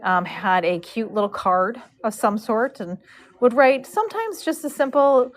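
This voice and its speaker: A woman's voice: on the high side, a little slow. Chatty woman telling a barn story. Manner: chatty, animated, acts out dialogue. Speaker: horse braider and live-stream host. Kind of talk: casual storytelling on a live stream.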